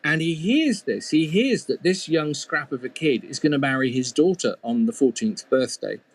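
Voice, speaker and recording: A man's voice: a little high, animated, moderate pace, breathy edge. A man storyteller telling an old fairy tale in a conversational way, with playful asides to the listener. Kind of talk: oral storytelling.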